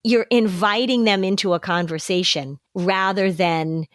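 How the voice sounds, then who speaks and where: A woman hosting a casual podcast chat, advising parents and lively acting out parent and child lines. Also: medium pitch, measured pace, no echo, studio quality. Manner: animated, acts out parent and child voices in quotes. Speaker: podcast host and anxiety expert advising parents.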